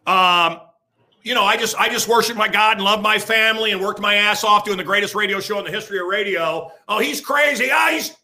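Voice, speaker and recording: Radio host guy in his sixties, high tense voice, rants loud and crude, keeps circling back, yells now and then. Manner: loud, emphatic, crude, bursts into shouting; rambling, repeats himself. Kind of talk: ranting talk-show monologue.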